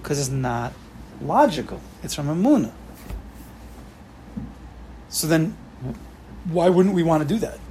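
A man's voice: fairly high pitch, sing-song, unhurried, pauses often, mellow, a little hiss or hum. A man giving an informal class to students, emphatic, repeating key phrases and mixing in Hebrew and Yiddish terms. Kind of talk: informal lecture with questions to students.

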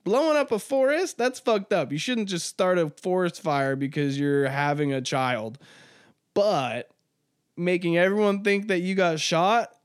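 A man's voice: sits high, clean tone, dry recording, clean studio sound. A man hosting a podcast alone, rambling casually with lots of swearing and laughing at his own jokes. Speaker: podcast host. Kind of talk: casual solo podcast monologue.

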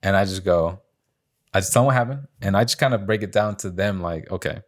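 This young man, co-hosting a podcast, speaks fast in a low voice. He casually tells a story among friends, swearing often and acting out quotes with a raised voice.

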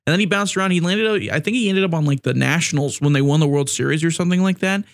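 A man's voice: fairly high pitch, quick pace. A man hosting a sports podcast, talking casually in a rambling way, restarting phrases and adding sarcastic asides. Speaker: podcast host.

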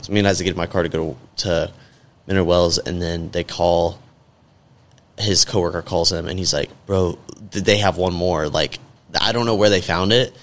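A man's voice: deep voice, steady tone, normal speed. A man in casual podcast chat, telling a rambling, profane story full of fillers.

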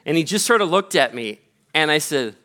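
A man's voice: on the high side, expressive, fairly quick, sharp tone. A man from Minnesota, a pastor giving a conversational sermon full of fillers and restarts. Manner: chatty storytelling with many fillers and restarts.

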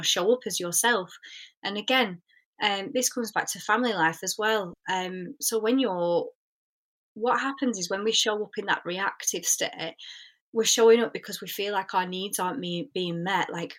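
A woman's voice: fairly low pitch, a bit bright. A young woman, a spiritual coach, talking earnestly and reflectively in a podcast interview, with many fillers.

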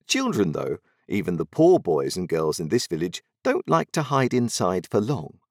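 A man narrating a story aloud in an expressive, dramatic storytelling manner. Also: sits low, moderate pace, hardly any pauses, no room sound, studio quality.

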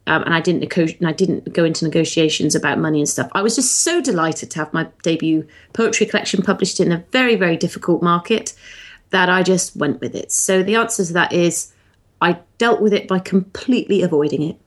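A woman's voice: fairly low pitch, fairly quick. A woman co-hosting a podcast about writing, chatting casually and poking fun at herself. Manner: self-deprecating, lively, laughs easily. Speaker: podcast co-host, poet.

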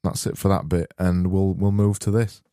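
Low-voiced man rambling comically. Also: level tone, moderate pace, warm tone, no room sound, soft background music. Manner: rambling, self-interrupting, joking. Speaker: podcast host. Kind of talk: comic podcast banter and spoof advert.

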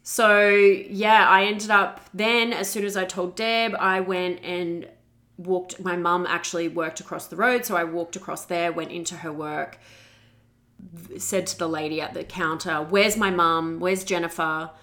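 A woman's voice: fairly low pitch, fairly even intonation, measured pace, bright, forceful tone. A young woman hosting a podcast, telling her own story candidly and emotionally, and acting out her past words. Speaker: podcast host. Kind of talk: personal storytelling.

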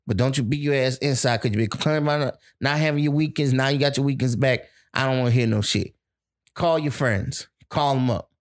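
A man's voice: medium pitch, fairly quick. A blunt man trades stories in a loose, casual chat with his partner. He talks in a profane, everyday way, pushing his point without holding back.

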